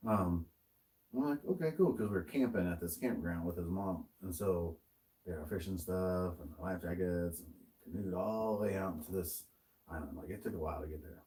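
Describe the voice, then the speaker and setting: A man's voice: sits low, moderate pace, a little mellow, far from the mic, rough recording. A man co-hosting a podcast, telling a story in casual chat, swearing often and laughing as he goes. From American. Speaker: podcast co-host.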